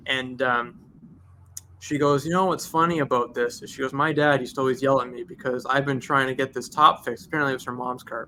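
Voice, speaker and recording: Bright-voiced, animated man telling a story. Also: medium pitch, fairly quick, slight background noise. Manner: animated, acts out both sides of conversations. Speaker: guest, detailing shop owner. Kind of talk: casual podcast storytelling.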